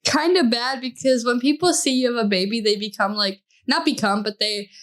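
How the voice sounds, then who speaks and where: Giggly young mom, chatty. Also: female voice, on the high side, fairly quick. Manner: giggly, lots of likes, chatty. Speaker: podcast co-host, new mother. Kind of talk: casual chat.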